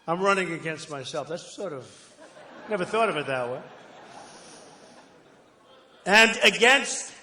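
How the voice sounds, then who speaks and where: An older man giving a rambling, boastful campaign rally speech, conversational with sudden loud bursts. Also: sits high, lively intonation, unhurried, long pauses, slight background noise. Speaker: political candidate at a rally. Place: large outdoor rally crowd. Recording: echoey rally PA with crowd ambience.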